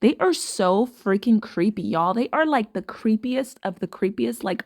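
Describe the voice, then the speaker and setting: A woman's voice: fairly high pitch, expressive, unhurried, few pauses, darkish tone, no room sound, studio quality. A woman hosting casual commentary to her viewers, talking emphatically and repeating phrases for stress. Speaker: commentary host.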